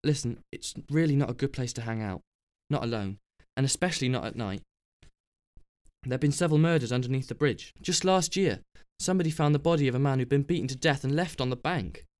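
A man's voice: mid-range voice, brisk, a little mellow, lightly acted. A man voicing an earnest, uneasy young woman. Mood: insistent. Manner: earnest and insistent. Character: earnest, superstitious young woman, easily flustered.

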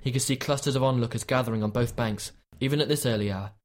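A male audiobook narrator with a mid-pitched voice reads scripted tense fiction in a measured, even delivery.

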